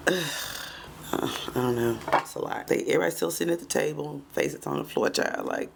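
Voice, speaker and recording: A woman's voice: fairly low pitch, a little fast, gravelly. A woman recapping a reality show in a chatty, sassy way. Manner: chatty, sassy, says "child" and "moving on" often. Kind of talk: casual recap commentary.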